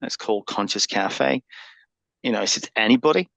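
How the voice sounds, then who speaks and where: A man's voice: fairly low pitch, moderate pace, gravelly, fairly bright tone, no room sound. A man, a podcast guest who muses and thinks aloud in reflective conversation. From Northern Ireland.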